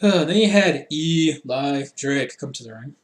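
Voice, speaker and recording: A man's voice: a little high, lively intonation, unhurried. A young man recapping a wrestling show in a casual, rambling, jokey way, often acting out quotes in silly voices.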